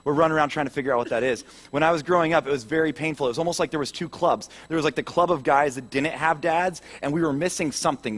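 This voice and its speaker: A pastor with a fairly high voice delivers a sermon, joking at his own expense as he tells a story. He shifts into an earnest, reflective tone when he turns to growing up. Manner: humorous, self-deprecating storytelling.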